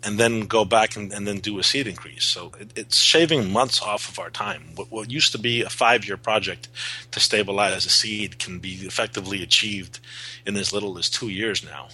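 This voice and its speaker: A man with a low, husky voice talks earnestly as a podcast guest, backing up and restarting his sentences as he explains. His tone is sharp and forceful. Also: moderate pace, low-quality recording. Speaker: guest, cannabis seed breeder. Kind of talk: podcast interview.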